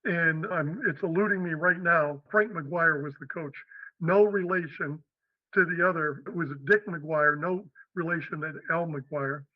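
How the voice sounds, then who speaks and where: An older man from western Pennsylvania, a guest telling stories in an animated way. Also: fairly high pitch, measured pace, no room sound. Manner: animated, acts out the people in his stories. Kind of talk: storytelling interview. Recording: dry tinny phone-like line.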